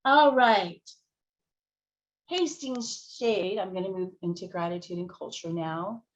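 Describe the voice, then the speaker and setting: Gentle guiding woman speaker, dull audio. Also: mid-range voice, takes it slowly. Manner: gentle, guiding, chuckles often. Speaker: plenary speaker. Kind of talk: conference talk teaching relaxation techniques.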